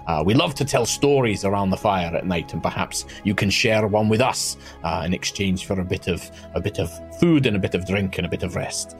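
A man's voice: low voice, lively intonation, fairly quick, few pauses, soft background music. A man voicing a hospitable, graying male centaur who leads his family and keeps urging guests to come and sit. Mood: welcoming. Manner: welcoming, repeats "come, come".

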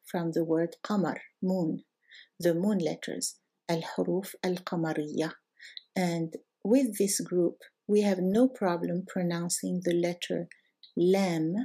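A woman's voice: lowish voice, gravelly, mellow, breathy edge. A woman teaching a recorded language lesson, explaining step by step in a patient way and drawing out example words. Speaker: Arabic teacher.

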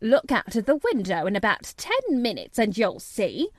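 A woman voicing a brisk, matter-of-fact middle-aged housekeeper in an audiobook. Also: medium pitch, huge pitch swings, dry recording.

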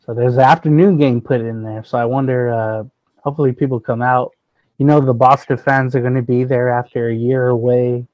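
A man chatting about baseball, pausing often with fillers as he works out his thoughts. His pitch is middling, and his voice comes through a dull, lo-fi mic with almost no room sound. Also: fairly even intonation, darkish tone, dry recording. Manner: hesitant, many fillers, thinks aloud. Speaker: sports podcast co-host. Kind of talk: casual baseball chat.

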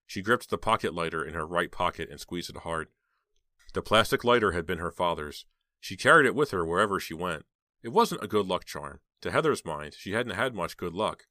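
Very deep male narrator reading a horror novel, measured, dry close-mic sound. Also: expressive, pushed and bright, no echo. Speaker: audiobook narrator. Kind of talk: scripted audiobook narration.

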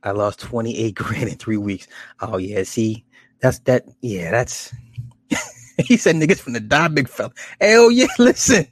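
A man hosting a casual commentary, animated and profane, often laughing at his own stories. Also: on the low side, measured pace, no echo, studio quality.

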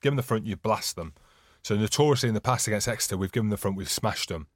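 A retired player co-hosting a podcast, talking in casual chat and calmly explaining tactics. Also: male voice, fairly low pitch, no room sound, studio quality. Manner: explanatory, measured, breaks down tactics.

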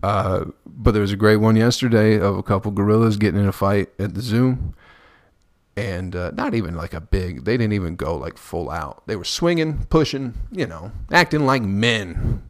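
A man's voice: fairly low pitch, expressive, normal speed, dry recording, clean studio sound. A man hosting a podcast, rambling through a profane comedic monologue and laughing at his own jokes. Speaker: podcast host.

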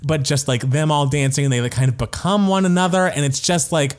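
A man's voice: a little high, fairly even intonation, brisk. A man co-hosting a podcast in casual chat, gushing with enthusiasm, laughing often and filling his talk with "like". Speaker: podcast co-host.

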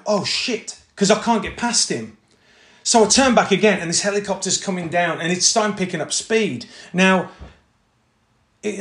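A man, an actor telling anecdotes in a casual interview, animated and full of fillers, acting out quotes. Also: a little high. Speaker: actor guest. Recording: echoey room.

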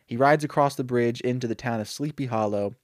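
Sex: man. Role: podcast co-host. Style: casual, rambling storytelling with fillers. Sound: mid pitch, dry close mic. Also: fairly quick, a little mellow, dry recording. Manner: rambling, chatty, full of fillers and self-corrections. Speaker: podcast co-host retelling a made-up movie.

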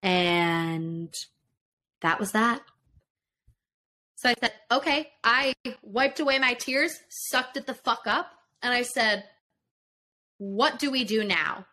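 A young woman, a podcast guest, telling a personal story in casual conversation, emotional and profane as she acts out both sides. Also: on the high side. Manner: emotional, profane, animated retelling.

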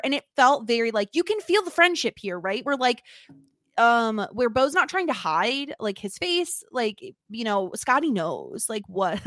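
A woman co-host chats through a TV episode recap, her voice sitting a little high. She talks loosely and keeps reaching for "like" as she goes. The sound is dry and close to the mic. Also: a bit bright, dry recording. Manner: chatty, lots of "like" fillers. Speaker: podcast co-host. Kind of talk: casual recap chat.

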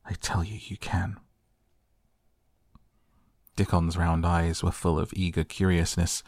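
A man narrating an audiobook as a calm, soft bedtime story reading. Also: deep voice, vocal fry, dry recording, clean studio sound.

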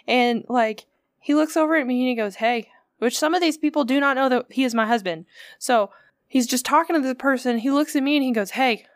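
A woman's voice: sits high, dry recording, studio quality. A young woman co-hosting a casual podcast, reacting expressively and telling stories with swearing and laughter. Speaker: podcast co-host. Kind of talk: casual chat.

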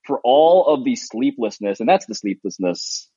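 A husky-voiced man in his thirties from New York talks in a loose, rambling, earnest way, full of "like" and restarts. He sounds short on sleep. The sound is dry and slightly muffled, as if it comes over a remote line. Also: mid-range voice, sing-song, moderate pace, warm tone, dry recording. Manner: rambling, earnest, many fillers. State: sleep-deprived new father. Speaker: podcast co-host. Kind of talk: casual remote chat.

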